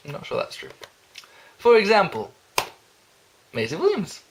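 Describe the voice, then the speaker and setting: A young man reading a jokey self-introduction, rambling and giggling, with deadpan asides. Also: high voice, normal speed, heavy background noise. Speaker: vlogger.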